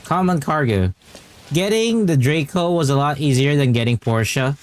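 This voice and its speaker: A man's voice: fairly high pitch, animated, normal speed. A man streaming a game, chatting casually and explaining at length, with frequent restarts. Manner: rambling and explanatory, with many restarts. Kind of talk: casual live-stream chat.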